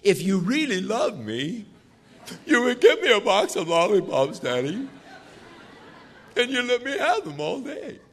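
A man's voice: sits high, sing-song, a little slow, long pauses, a bit bright, pitched above the performer's own voice, exaggerated voice. An older man imitating a small child who whines and guilt-trips a parent. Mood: whiny. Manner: whining, guilt-tripping. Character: whiny little child begging for lollipops.

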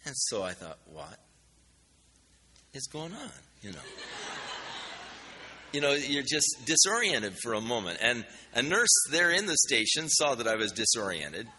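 Bright-voiced pastor telling a story. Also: male voice, medium pitch, unhurried, pauses often, big-room sound, a little hiss or hum. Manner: folksy, animated retelling with acted-out dialogue. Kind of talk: sermon storytelling.

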